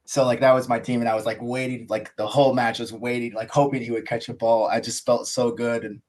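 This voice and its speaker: An American man chats as a guest on a podcast, eager and rambling, his sentences looping through fillers. His voice sits at a middling pitch for a man. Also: little pitch movement, fairly quick, darkish tone. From USA. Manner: enthusiastic, rambling, heavy use of "like" and "you know". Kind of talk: casual interview storytelling.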